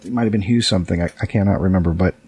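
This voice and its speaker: A man's voice: sits low, racing, darkish tone, breathy edge, no room sound. A man co-hosting a casual podcast, chatting with hesitant fillers. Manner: chatty, hesitant, often says "uh". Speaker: podcast co-host. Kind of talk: casual chat.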